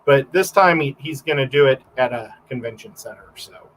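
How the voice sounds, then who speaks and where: A man's voice: medium pitch, moderate pace, a bit bright, a little hiss or hum, low-quality recording. A man, a photographer, guesting on a livestream and telling rambling stories in casual chat, full of fillers and restarts.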